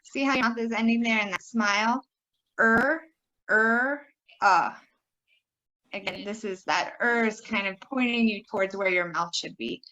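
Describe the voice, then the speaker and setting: A woman teaching pronunciation, modelling vowel sounds and words with slow, exaggerated care. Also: medium pitch, fairly bright tone, lo-fi sound. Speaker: pronunciation instructor. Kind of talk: recorded teaching video.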